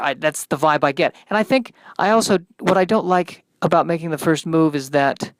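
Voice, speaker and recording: Male podcast host, halting self-deprecating comedy monologue, dry close mic. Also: fairly high pitch, clear, resonant tone, no echo.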